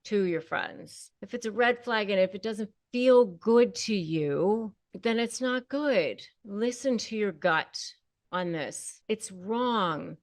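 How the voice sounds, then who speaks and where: Woman self-help host, mid-pitched, punchy and repetitive delivery, dry room with no echo. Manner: emphatic, repetitive, rallying the viewer. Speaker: host and self-help coach on narcissistic abuse. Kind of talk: direct-to-camera advice talk.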